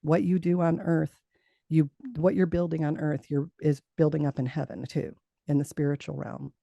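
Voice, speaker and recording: A woman's voice: low voice, flat delivery, moderate pace, creaky, mellow, no echo, dull audio. A middle-aged woman, a guest in an interview, telling a personal story in earnest. She laughs often and repeats words as she talks.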